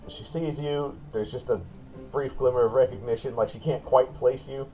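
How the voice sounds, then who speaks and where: A man's voice: medium pitch, steady tone, normal speed, mellow, faint music behind, low-quality recording. A man narrating as game master in a loose, chatty way, full of casual asides. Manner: loose and chatty, lots of "like" and "kinda".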